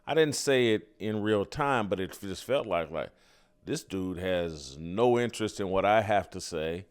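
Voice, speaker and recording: Male host, low and smooth. Earnest, measured interviewer. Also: animated. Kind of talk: interview questions and commentary.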